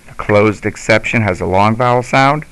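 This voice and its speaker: A male teacher giving a slow, patient instructional lesson. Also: on the low side, fairly bright tone, slight background noise, rough recording.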